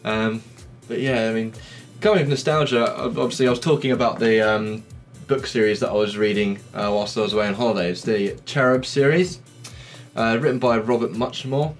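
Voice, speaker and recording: A man from England telling stories in a relaxed, casual podcast chat. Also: medium pitch, brisk, soft background music. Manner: relaxed storytelling. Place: shed studio.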